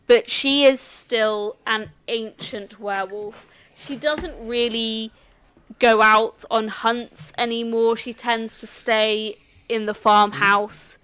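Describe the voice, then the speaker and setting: A woman acting as game master, calmly explaining the characters and rules of a tabletop game with some restarts. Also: fairly high pitch, slow, clean tone.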